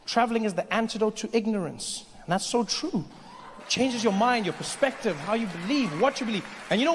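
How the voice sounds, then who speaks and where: A man performing a stand-up comedy routine on stage, an animated storyteller who leaps into character voices. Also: high-pitched. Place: comedy stage before a live audience. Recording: echoey venue with faint noise.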